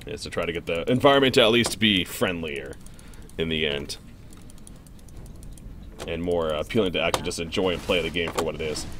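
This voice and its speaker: In live gameplay commentary with viewer Q&A, a young man with a low voice speaks briskly but pauses often, reacting loudly to plays and rambling chattily. A little hiss or hum is audible.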